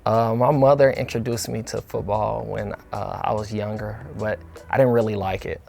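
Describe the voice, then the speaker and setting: Low, gravelly young man talking casually. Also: moderate pace. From St. Louis area, USA. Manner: relaxed, colloquial, with many fillers and restarts. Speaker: interview guest, football player. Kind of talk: casual interview talk.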